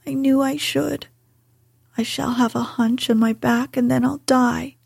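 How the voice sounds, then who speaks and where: A woman's voice: high-pitched, fairly even intonation, unhurried, creaky, darkish tone, slightly rough, no room sound, studio quality, heavily acted. A woman voicing a hysterical, sickly young boy who gasps and sobs, in whispered role-play. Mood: sobbing. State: gasping and sobbing.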